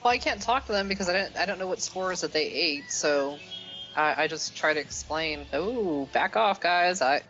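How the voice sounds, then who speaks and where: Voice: mid-range voice, steady tone, moderate pace, bright, forceful tone. A player chatting casually during a tabletop game, hesitant and explaining himself. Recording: dull lo-fi stream audio, faint hiss.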